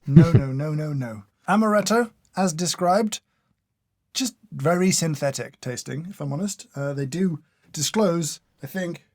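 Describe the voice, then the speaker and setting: A man's voice: fairly high pitch, animated, unhurried, no echo. A man doing casual taste-test commentary, dry and sarcastic, scolding each product he tries. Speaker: food taste tester.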